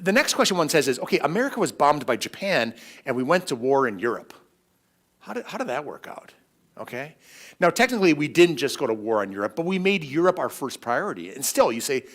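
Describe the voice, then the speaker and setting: A middle-aged man giving a parish history lecture, animated, with quick asides and frequent restarts. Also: mid-range voice. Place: church hall.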